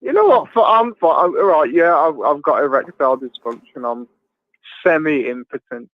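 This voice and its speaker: A fairly high-pitched, animated man joins a livestream chat as a guest, bantering casually at a moderate pace. He makes crude jokes, laughs a lot, and stumbles over fillers, and his dry, echo-free audio sounds tinny, like a phone or video call.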